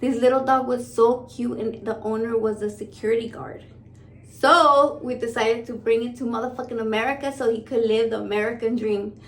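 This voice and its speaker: Woman vlogger, 30s, slightly high voice, blunt and profane storyteller. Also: steady tone, moderate pace. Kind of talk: casual storytelling to camera.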